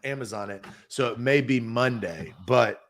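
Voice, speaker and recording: A man's voice: mid-range voice, moderate pace. A man hosting a sports podcast, playful and teasing as he sets up a challenge. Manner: playful, teasing, laughs often. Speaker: podcast host. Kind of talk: casual chat.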